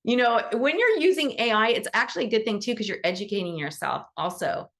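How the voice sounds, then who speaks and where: A woman's voice: fairly high pitch, animated, a little fast, a bit bright. A woman who teaches animal Reiki, hosting a casual support call, chatty and encouraging as she acts out bits of dialogue. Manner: motivational, affirming.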